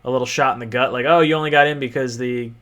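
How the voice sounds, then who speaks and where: A man's voice: medium pitch, steady tone, quick pace, fairly bright tone. A man in the host's chair of a casual sports talk show, his voice sitting right in the middle of the range. He talks easily and chattily, laughing along and reeling off players one after another. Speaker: podcast host.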